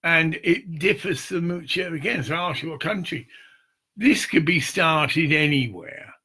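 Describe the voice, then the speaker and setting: A man giving a rambling, informal pitch for a charity promotion project, swearing freely and checking in with "see?" and "get it?". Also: normal speed, bright, forceful tone, slightly rough. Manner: meandering, profane, repeats "see" and "get it".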